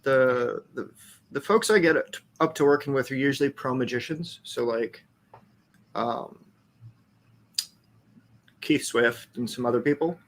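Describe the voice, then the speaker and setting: A man's voice: medium pitch, measured pace, long pauses. A man talking as a podcast guest in a loose, rambling and profane casual chat.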